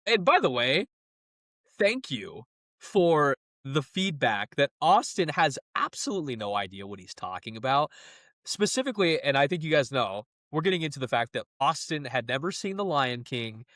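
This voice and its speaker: A young man co-hosting a podcast, retelling a film in lively casual chat and laughing often. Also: mid-range voice, normal speed, no room sound, studio quality. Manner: animated, laughing storyteller. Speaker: podcast co-host.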